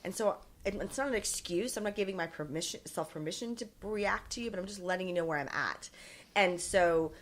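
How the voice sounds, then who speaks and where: A woman's voice: medium pitch, brisk. A middle-aged woman guest on a podcast who earnestly shares parenting advice from her own life. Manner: reflective, earnest advice-giver. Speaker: guest, author and filmmaker. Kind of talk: casual interview talk.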